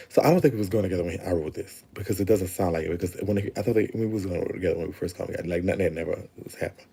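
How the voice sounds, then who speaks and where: Chatty man with a dark mellow voice. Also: deep voice, racing, vocal fry, husky. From Louisiana. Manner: chatty, swearing, laughing asides. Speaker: vlogger. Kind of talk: casual chat to viewers.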